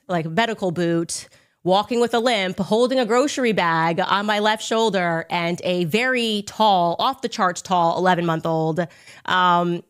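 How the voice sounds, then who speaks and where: A woman in her thirties hosting a podcast, telling a story in a sarcastic, animated way. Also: fairly low pitch. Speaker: podcast host. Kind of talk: storytelling monologue.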